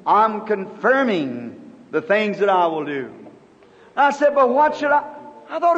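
Man, 50s, preacher, very high voice, earnest halting storytelling, muffled old tape. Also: animated, a bit bright. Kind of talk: storytelling sermon. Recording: dull old sermon tape in a reverberant hall.

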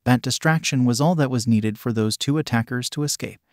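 A man narrating a fan fiction story in an even, steady reading. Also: mid-range voice, fairly quick, no room sound, clean studio sound.

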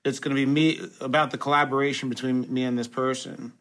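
Animated film director chatting as guest. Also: male voice, medium pitch, fast talker. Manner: animated, swears casually, says "bro". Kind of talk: casual chat.

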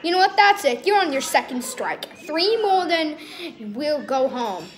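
A woman's voice: sits high, very animated, measured pace, slight background noise, rough recording. A woman voicing a strict, fed-up mother in a homemade cartoon, scolding and handing out strikes. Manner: stern, scolding.

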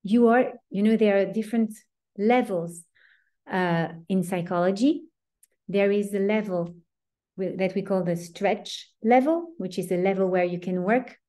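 A woman's voice: on the low side, normal speed, warm tone. A woman giving a Torah lesson, earnest and emphatic, often restarting her sentences. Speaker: Torah teacher.

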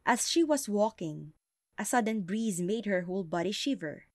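A woman reading a folktale aloud as an audiobook narrator, slow and deliberate. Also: mid-range voice, lively intonation, no room sound, studio quality. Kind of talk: storybook narration.

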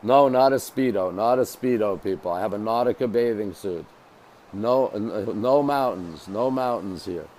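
Speaking at normal speed in a fairly low, slightly mellow voice, a Montreal man hosts a phone livestream outside on a hotel balcony by the beach. He greets viewers by name, chats casually and repeats himself; the recording is rough, with slight background noise.

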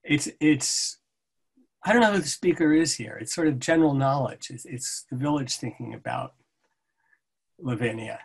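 A man, a translator, reading poetry aloud and talking about his translation in a measured, halting way. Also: medium pitch, gravelly, breathy edge. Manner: measured, halting, self-correcting. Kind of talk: poetry reading and book talk.

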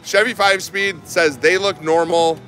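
A man's voice: high-pitched, steady tone, a little slow. A man live-streaming slot machine play from a casino, chatting and reading viewer comments aloud. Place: casino floor. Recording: casino music behind. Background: slot machine music.

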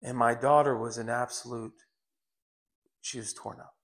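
A man's voice: medium pitch, steady tone, normal speed. A middle-aged man preaching a sermon, telling stories earnestly with frequent restarts. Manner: earnest, storytelling with repeated restarts.

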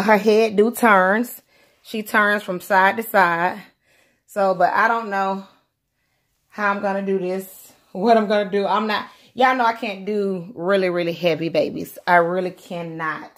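A woman's voice: medium pitch, a bit bright. A chatty woman talks to her viewers while unboxing a doll at home. She calls them "y'all" and talks in a loose, casual way. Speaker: doll collector vlogger. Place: indoors at home, by a window.

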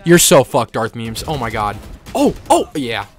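A man casually commenting on his own gameplay, swearing often and yelling when frustrated. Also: medium pitch, normal speed, soft background music. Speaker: streamer playing a team shooter.

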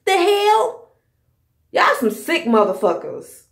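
A woman in her thirties vents in a fiery, profanity-laced commentary, scolding her listeners as she goes. Her voice sits high and leaps about wildly. It rings in an echoey room. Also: wildly swooping pitch, slow. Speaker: podcast host. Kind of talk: angry commentary rant.

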